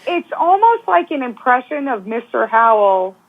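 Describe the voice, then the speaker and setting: A woman with a slightly high voice calls in over a tinny, phone-like line. She lays out her opinions on a true-crime case in casual, speculative talk. Her delivery is assured and opinionated. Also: sing-song, normal speed. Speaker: guest commentator. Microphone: phone call.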